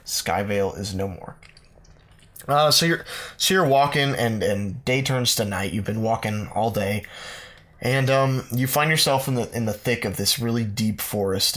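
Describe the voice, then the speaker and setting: A man's voice: lowish voice, moderate pace, a bit bright. A man co-hosting a podcast, narrating an improvised comic quest story in a meandering, playful way full of ums. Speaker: podcast co-host.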